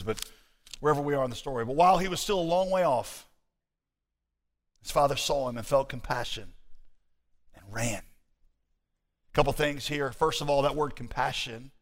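A pastor preaches a sermon in a medium-pitched voice, animated and conversational as he engages his congregation. Hall reverb colors the recording.

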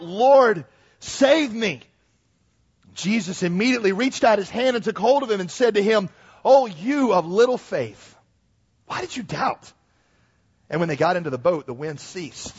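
A man preaching a lively sermon to a congregation, reading scripture aloud and acting out the speakers in it. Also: high-pitched, slightly rough, lo-fi sound. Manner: animated preaching, acts out Bible voices. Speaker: pastor.

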